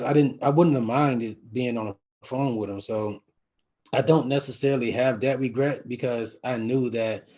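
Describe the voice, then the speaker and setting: A middle-aged man talks into his own camera in a lo-fi vlog, his low voice husky and a little rough. He speaks haltingly, stops and restarts his sentences, and leans on fillers as he works through a painful memory. The sound is dull and muffled. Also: a little mellow. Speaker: vlogger. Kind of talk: personal vlog, emotional recollection.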